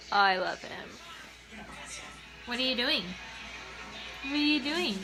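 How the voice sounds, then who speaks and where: Recording on her phone at home, a young woman vlogger talks to her toddler in a high, sing-song baby voice, now and then turning to her viewers. She speaks extremely slowly, with music playing underneath.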